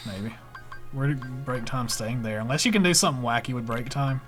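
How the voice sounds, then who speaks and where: Male player, mid-pitched, relaxed and musing, chatting through a game over faint music. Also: fairly quick. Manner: easygoing, thinking aloud. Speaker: co-host playing the game. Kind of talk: casual gameplay chat.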